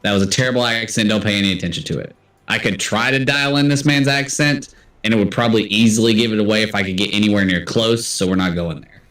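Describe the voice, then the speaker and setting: A man's voice: fairly low pitch, quick pace, a bit bright, reverberant, recorded from a distance. A man hosting a casual livestream trivia game, chatty and self-deprecating as he reads out answers. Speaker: trivia host.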